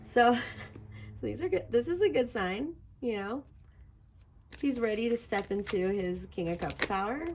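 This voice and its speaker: A woman's voice: fairly high pitch, animated, measured pace, a little mellow, slight background noise. A woman doing a casual tarot reading for her viewers, chatty and giggly and talking straight to them. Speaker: tarot reader.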